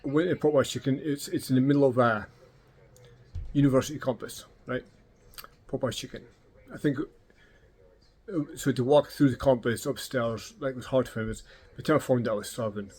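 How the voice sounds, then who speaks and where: A man's voice: medium pitch, brisk, a little mellow, slightly rough. A middle-aged Scottish man telling casual, swearing anecdotes and acting out the dialogue. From Scotland. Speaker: vlogger. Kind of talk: casual storytelling.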